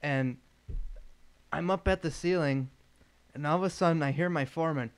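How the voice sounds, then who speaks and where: A young man co-hosting a podcast, retelling a work story in an animated, rushed, casual way full of filler words. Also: on the high side, clean tone. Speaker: podcast co-host.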